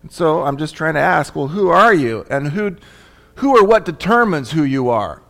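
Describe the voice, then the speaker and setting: A man's voice: on the high side, animated, normal speed, vocal fry, a bit bright, faint music behind. A male pastor preaching a conversational sermon, often asking his congregation questions. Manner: chatty, asks the congregation questions.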